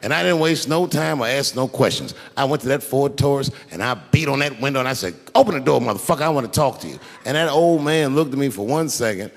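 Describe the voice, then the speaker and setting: Middle-aged male comic, profane animated storyteller, lively pitch, live-venue reverb. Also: fairly quick, hardly any pauses. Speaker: stand-up comedian. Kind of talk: stand-up storytelling. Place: large venue on stage. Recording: live stage recording with long hall reverb.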